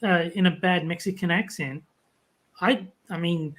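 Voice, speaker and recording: A podcast co-host with a mid-pitched voice talks casually, telling a story with dry, sardonic humor. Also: unhurried, fairly bright tone. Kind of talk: casual chat.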